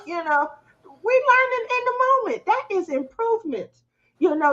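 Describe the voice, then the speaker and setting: A middle-aged woman hosts a casual online chat, her voice high and swinging widely in pitch. She tells stories with lots of energy and keeps laughing at her own punchlines, heard through dull, muffled lo-fi audio. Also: normal speed. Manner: animated storyteller, laughs often. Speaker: host.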